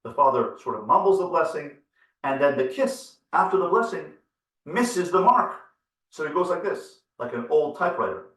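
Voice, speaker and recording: A man's voice: a little high, expressive, moderate pace, fairly bright tone. A man, a rabbi, giving an earnest storytelling lecture on parenting, piling up repeated phrases for emphasis. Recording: roomy, from far off the mic.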